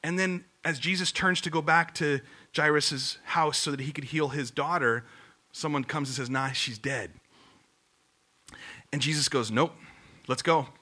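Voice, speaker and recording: A man's voice: on the high side, steady tone, moderate pace, sharp tone. A man giving a sermon as a pastor, telling the story casually and acting out the voices in quotes.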